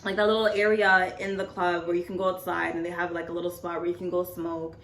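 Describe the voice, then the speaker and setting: A woman's voice: on the low side, little pitch movement, quick pace, a bit bright. A woman in her twenties telling a story to camera in a rambling, casual way, full of "like, you know". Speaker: storytime vlogger. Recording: echoey room.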